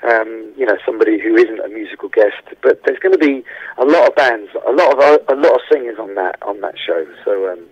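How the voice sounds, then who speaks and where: A man's voice: on the low side, fairly quick, breathy edge, no room sound. Chatty man on a phone line. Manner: chatty, enthusiastic, many restarts. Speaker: musician and musical director, interview guest. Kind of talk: radio interview chat. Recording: dry, dull phone-line sound.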